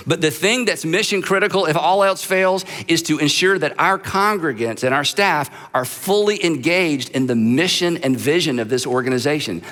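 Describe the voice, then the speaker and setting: A man's voice: a little high, a bit bright. A middle-aged man, a pastor, giving a conversational leadership talk to a live church audience, acting out short dialogues and often restarting his sentences. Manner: conversational, acts out quick dialogues, frequent restarts. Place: large church auditorium. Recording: long reverb from a large hall.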